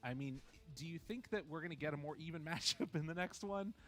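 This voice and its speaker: A man casting an esports match, chatty and animated, handing back to the panel. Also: a little high, a little fast. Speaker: esports caster. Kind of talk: play-by-play commentary.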